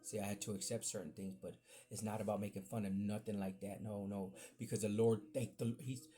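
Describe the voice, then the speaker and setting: A man telling a rambling childhood story in a casual, animated way, full of asides and swearing. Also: lowish voice, brisk. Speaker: podcast storyteller.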